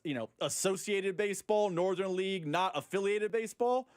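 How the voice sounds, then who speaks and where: A sports radio co-host with a fairly high voice, recorded close and dry with no room sound. He explains his takes in a casual, opinionated way. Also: moderate pace, clean tone, no echo.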